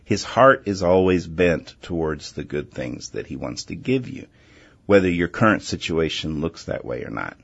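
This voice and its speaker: A man hosting a Christian call-in radio show, talking earnestly and gently and often restarting his words. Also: deep voice, sing-song, normal speed, gravelly, slightly rough, dull audio. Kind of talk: faith-based call-in radio talk.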